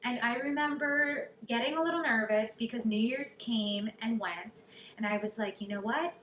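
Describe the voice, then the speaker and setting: A woman's voice: fairly high pitch, moderate pace. Chatty young woman telling a story. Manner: chatty, animated, many likes. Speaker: vlogger. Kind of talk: storytelling to camera. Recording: echoey room, faint noise.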